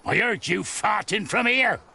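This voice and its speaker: A lazy, cheeky builder in a medieval game who trades mocking jabs with a workmate. His voice is high and bright with a gravelly edge, and his pitch leaps around. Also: lively intonation, a little slow, full character voice. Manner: mocking, bickering. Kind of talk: game voice acting.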